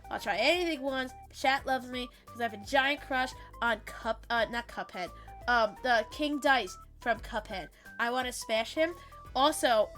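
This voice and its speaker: A woman's voice: high-pitched, fairly bright tone. A woman VTuber streamer chatting casually while she plays, bubbly and playful, swearing freely as she greets her chat.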